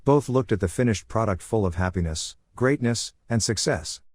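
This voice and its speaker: Low-voiced man narrating a recap. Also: animated, moderate pace, darkish tone, dry recording, clean studio sound.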